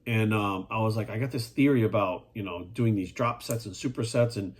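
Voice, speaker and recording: A man's voice: fairly low pitch, fairly quick, breathy edge. A man talking as a fitness coach in a casual monologue, blunt and profane, firing rhetorical questions at the viewer.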